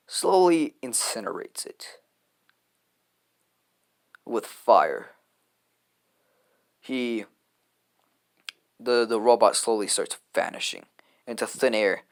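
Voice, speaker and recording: A man's voice: on the low side, clear, resonant tone. A man casually improvising a fan story, rambling and offhand, with lots of fillers and restarts.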